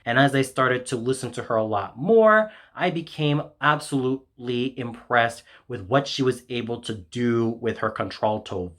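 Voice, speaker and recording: A man of average pitch reads out his scripted album review in even, measured sentences. He praises at length in a formal, effusive way. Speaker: music reviewer.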